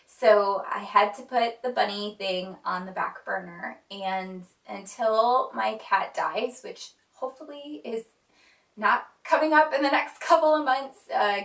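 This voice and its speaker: A woman's voice: mid-range voice, a bit bright. A young woman vlogger talking casually and earnestly, with frequent fillers. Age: young adult. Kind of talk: casual chat. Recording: roomy sound from a distant mic.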